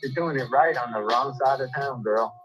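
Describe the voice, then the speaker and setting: An out-of-breath livestreamer pours out an angry, profane rant, circling back to the same jabs again and again. The voice sits at an ordinary middle pitch. Soft music plays faintly underneath. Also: moderate pace, poor audio. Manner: angry, profane, repetitive ranting.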